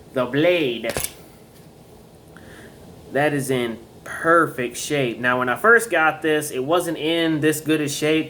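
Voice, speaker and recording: Young man, slightly high voice, loose and folksy show-and-tell delivery with frequent restarts; light hiss on the track. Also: a bit bright. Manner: rambling, self-correcting, folksy. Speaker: YouTuber showing collectibles. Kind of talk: casual show-and-tell vlog.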